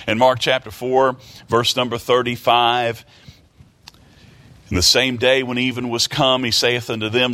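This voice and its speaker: A man with a low voice preaching a sermon to his congregation. He reads scripture and asks rhetorical questions in a folksy, homespun way. He often stumbles and repeats words as he goes. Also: bright, forceful tone. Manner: preaching with rhetorical questions and King James readings. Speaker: pastor.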